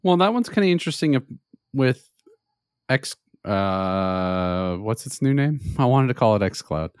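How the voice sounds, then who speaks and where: A man's voice: medium pitch, sing-song, measured pace, a little mellow, clear, resonant tone, no echo, studio quality. A man co-hosting a casual gaming podcast, dropping in short wry remarks. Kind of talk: casual chat.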